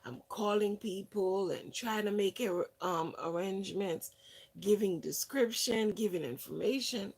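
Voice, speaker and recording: A woman hosting a wellness channel, telling stories casually with many fillers and restarts, and acting out other people's words with lively shifts. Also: mid-range voice, measured pace, slightly rough. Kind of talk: casual storytelling monologue.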